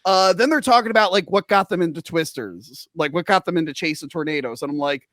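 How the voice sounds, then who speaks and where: A man hosting a casual movie review podcast, jokey and animated, acting out his own reactions as he talks. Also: a little high, fast, no room sound, studio quality. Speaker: podcast host.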